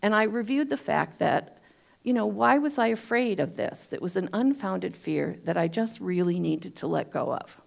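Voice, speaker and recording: A woman's voice: lowish voice, lively intonation, moderate pace, gravelly. A woman giving a talk at a spiritual center, telling a personal story in a chatty way with self-deprecating humor. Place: church hall.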